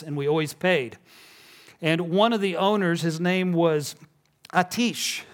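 Man preaching a story-filled sermon. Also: on the high side. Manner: storytelling, drops to a hush on key lines. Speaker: pastor.

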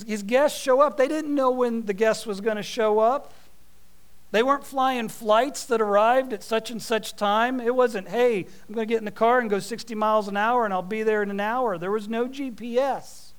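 Male preacher, high and crisp, animated sermon delivery with homey humor. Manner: animated storytelling with folksy asides.

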